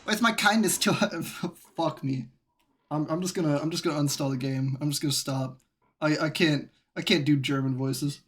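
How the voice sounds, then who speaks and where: Playful, profane woman streamer, lowish voice, casual banter. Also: fairly even intonation, moderate pace, husky. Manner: playful, giggly, swears freely. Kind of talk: casual gameplay commentary.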